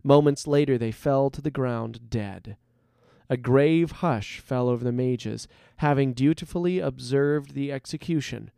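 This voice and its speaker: A man reading a fantasy story aloud as narrator, in a measured and dramatic way. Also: medium pitch, creaky, dark tone, clean tone, no room sound, studio quality.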